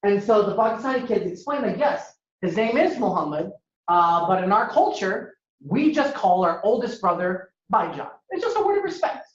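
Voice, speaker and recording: A young man from Ohio telling stories as a stand-up speaker, acting out characters with sudden jumps in pitch. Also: big pitch swings, normal speed. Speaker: comedian and speaker. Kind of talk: storytelling stand-up talk to an audience. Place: university lecture hall. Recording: echoey hall, dull lo-fi sound.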